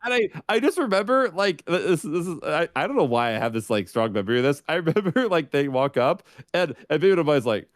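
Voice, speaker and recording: A man telling a story on a casual podcast, his voice bouncing up and down as he acts out the people in it. His pitch sits a little high and swings widely. The sound is dry and close. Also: big pitch swings, quick pace, few pauses, no room sound. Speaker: guest streamer.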